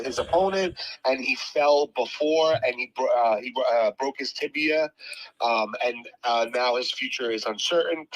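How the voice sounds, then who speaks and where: A man's voice: medium pitch, fairly bright tone, poor audio. A man co-hosting a casual podcast, asking questions with many hesitations and giving short affirmations. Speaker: co-host.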